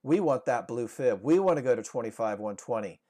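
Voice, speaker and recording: A man's voice: mid-range voice, animated, fairly quick, mellow, pitched below the performer's own voice, close to an everyday voice. A man acting out the sellers in a chart, impatient and insistent, in a live trading class. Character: pushy group of market sellers, impatient.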